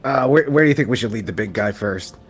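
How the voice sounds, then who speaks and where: A man's voice: mid-range voice, animated, fast, slightly rough. A man playing a tabletop role-playing game, thinking aloud about plans. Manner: thoughtful, planning aloud. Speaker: player. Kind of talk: casual tabletop play.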